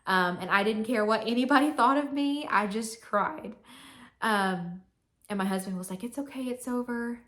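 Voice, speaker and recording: A woman's voice: medium pitch, animated, moderate pace, fairly bright tone. A young woman vlogging to camera, telling a personal story in a chatty, candid way with many fillers.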